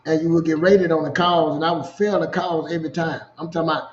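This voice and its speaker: A man with a Louisiana accent, a co-host telling a personal story in casual, animated talk. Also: on the high side, fast talker, muffled recording. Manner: animated storyteller, repeats "you know what I'm saying". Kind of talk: storytelling chat.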